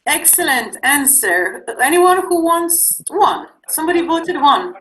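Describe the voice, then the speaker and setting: A woman teaching a class on sales, talking loosely and often pausing with fillers as she explains. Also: high voice, big pitch swings, a bit bright, low-quality recording. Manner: conversational, searching for words with many fillers. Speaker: instructor. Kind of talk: online class lecture.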